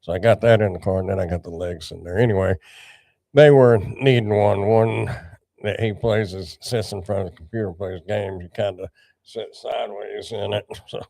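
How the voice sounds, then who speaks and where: A man's voice: fairly low pitch, fairly even intonation, normal speed, creaky, dark tone, no echo, clean studio sound. An older man hosting a casual livestream, rambling and greeting viewers by name. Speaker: livestream host.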